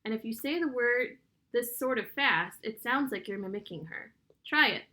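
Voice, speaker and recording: A woman voicing a calm, knowing boy teammate, in a measured, explaining manner. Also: on the high side.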